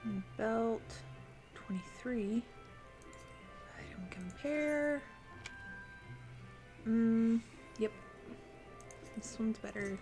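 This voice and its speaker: A woman's voice: on the high side, level tone, slow, pauses often, warm tone, soft background music. A woman streaming a video game, chatting casually and thinking aloud as she plays and answers her chat. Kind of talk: casual live-stream commentary while playing.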